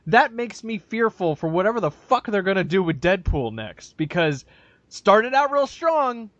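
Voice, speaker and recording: A man's voice: high voice, big pitch swings, normal speed, a bit bright, dry recording, highs cut off. A man co-hosting a podcast in casual chat, rambling and profane, with frequent restarts and acted-out quotes. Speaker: podcast co-host. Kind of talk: casual chat, movie review.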